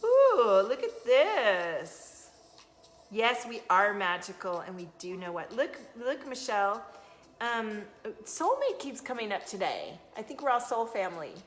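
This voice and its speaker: A woman's voice: medium pitch, very animated, moderate pace, a bit bright. Chatty woman with a Southern twang. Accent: slight Southern US twang. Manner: chatty and effusive, with sudden bursts of emphasis. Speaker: intuitive card reader hosting a live stream. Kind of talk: casual live-stream chat. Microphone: phone camera.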